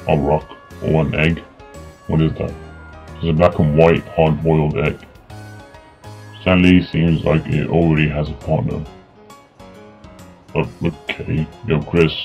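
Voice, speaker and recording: A man playing a video game and reading the characters' lines aloud in his own voice, halting and full of fillers, on a dull lo-fi mic. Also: a bass voice. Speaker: gaming YouTuber. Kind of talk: let's play, reading game dialogue aloud. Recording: dull lo-fi mic with faint music.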